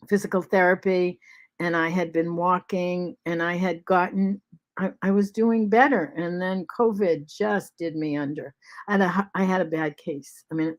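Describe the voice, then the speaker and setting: A woman of seventy-three talking in a halting, soft way at home, pausing with many ums and restarts. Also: fairly low pitch. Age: 70s. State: short of breath after covid. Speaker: vlog host. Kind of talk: casual spoken reflection.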